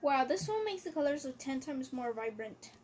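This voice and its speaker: A woman's voice: high voice, lively intonation, normal speed, a little mellow. A woman chatting offhandedly in a casual conversation. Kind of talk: casual chat.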